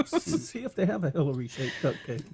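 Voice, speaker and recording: Easygoing male guest, lively pitch. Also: normal speed, a little hiss or hum. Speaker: guest realtor. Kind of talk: casual talk radio.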